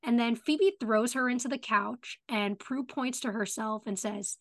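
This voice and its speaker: A woman's voice: on the high side, unhurried, few pauses. A young adult woman co-hosting a podcast, chatting loosely about a TV episode and quoting the characters as she retells the scenes. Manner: chatty, quotes characters with "she's like", many "like" fillers. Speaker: podcast co-host. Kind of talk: casual chat recapping a TV episode.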